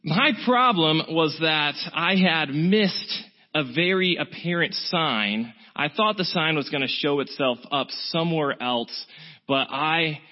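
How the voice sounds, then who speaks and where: A man preaching, telling a self-mocking story with an animated delivery. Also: a little high, slow. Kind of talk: sermon with storytelling. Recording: dull, muffled sound.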